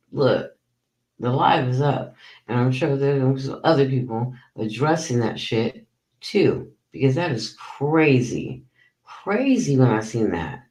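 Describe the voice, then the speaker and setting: A man's voice: mid-range voice, darkish tone, roomy sound, rough recording. A man hosting a commentary channel, ranting in a profane, incredulous way and saying he is tired.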